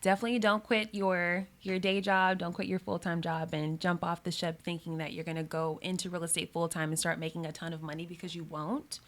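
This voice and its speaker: Female realtor guest, podcast interview; low-pitched, earnest, filler-heavy advice. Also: little pitch movement, a little fast, few pauses, a bit bright. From Houston, Texas. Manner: earnest, advising, many ums and you-knows.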